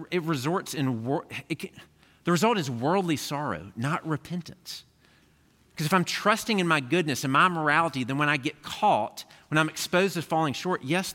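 A man's voice: fairly high pitch, fairly bright tone. A man preaching a sermon as pastor, talking to the congregation in a conversational way and often checking in with them. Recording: echoey hall with long reverb.

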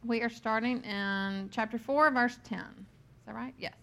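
A woman's voice: a little high, fairly even intonation, unhurried, vocal fry, a bit bright. A woman leading a Bible study who reads scripture aloud, then teaches in a chatty, personal way, with frequent ums and laughing at her own stories.

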